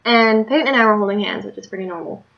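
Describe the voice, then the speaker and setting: A woman's voice: mid-range voice, fast, creaky. Tired woman just rambling on in her diary vlog, kinda muffled lo-fi audio. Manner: rambling, candid storytelling. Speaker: video diarist. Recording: muffled lo-fi recording.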